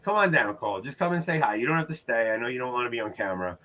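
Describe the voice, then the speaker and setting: Bright-voiced Long Island host. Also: male voice, medium pitch, expressive. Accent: Long Island New York. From New York, United States. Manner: upbeat, chatty, laughs often, quick asides to the chat. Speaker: trivia show host. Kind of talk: casual livestream game hosting. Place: his home.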